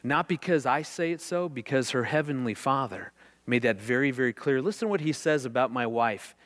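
A middle-aged man giving a faith-based teaching talk on marriage, an earnest and animated storyteller who repeats words when excited. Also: mid-range voice, brisk. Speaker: marriage speaker.

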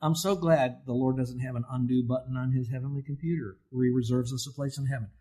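Older male pastor, husky tone, preaching with emphasis, throws questions at the congregation and answers them. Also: medium pitch, fairly even intonation, quick pace, dark tone. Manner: emphatic, asks and answers his own questions. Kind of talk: sermon.

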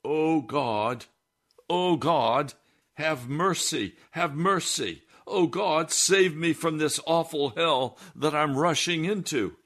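A man preaching plays a desperate grown man who shouts and pleads for mercy in a much higher, louder voice. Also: big pitch swings, slow, breathy edge, heavily acted. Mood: desperate pleading.

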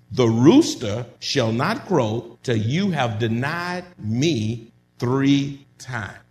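A man preaching a sermon, reading scripture slowly and then breaking into loud, emphatic commentary. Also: fairly high pitch, slight background noise. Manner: builds from measured reading to loud emphatic bursts.

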